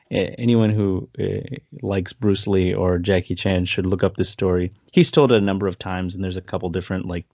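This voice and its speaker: Low-voiced man telling a rambling story. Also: warm tone, no echo. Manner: rambling storyteller, laughs often, acts out quotes. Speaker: podcast co-host. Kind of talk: casual film review chat. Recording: dry, dull lo-fi sound.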